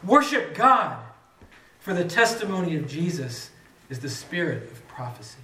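High-voiced man preaching in an echoey hall. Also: very animated, normal speed, slight background noise. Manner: dramatic reading, rising loud on quoted cries. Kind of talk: scripture reading and sermon. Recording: echoey room, mic from a distance.

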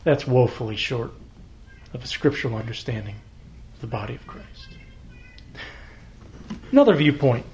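A man's voice: mid-range voice, animated, moderate pace, pauses often, darkish tone, slight background noise. A man preaching a sermon as pastor, conversational, posing rhetorical questions and acting out short exchanges.

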